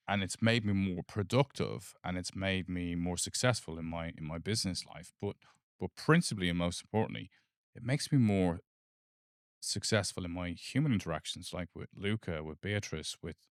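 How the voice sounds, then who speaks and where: A man's voice: low-pitched, moderate pace, dry recording, studio quality. A man co-hosting a podcast, speaking earnestly and reflectively in casual chat. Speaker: podcast co-host.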